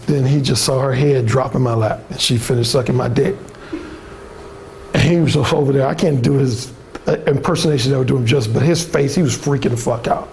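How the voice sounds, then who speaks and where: A man's voice: on the high side, gravelly, a little mellow, a little hiss or hum, low-quality recording. A middle-aged man, a dating coach, telling a crude story to a seminar audience in a brash, profane way.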